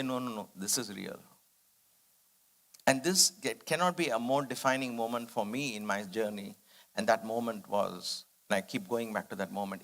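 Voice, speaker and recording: This man has a medium pitch and a somewhat bright voice. Speaking to a devotional study circle, he shares a personal spiritual story in an earnest, reflective manner and performs the quoted dialogue.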